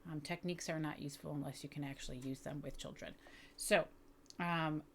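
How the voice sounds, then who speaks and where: A woman teaching educators reading techniques, explaining patiently and slowly sounding out words with careful enunciation. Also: deep voice, fairly even intonation, a little hiss or hum. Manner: clear, deliberate enunciation of sounds. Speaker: literacy teacher. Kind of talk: instructional video for educators.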